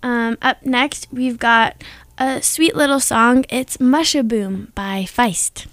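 A young woman co-hosting a radio show, chatting casually and gushing with excitement over the facts she shares. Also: on the high side, takes it slowly, no echo. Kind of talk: casual on-air chat.

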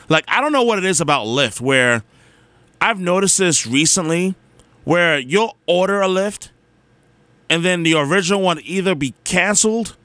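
A young man telling a long everyday story in a casual, animated way, exasperated and self-mocking, with lots of "like" and "you know.". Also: sits high, no echo.

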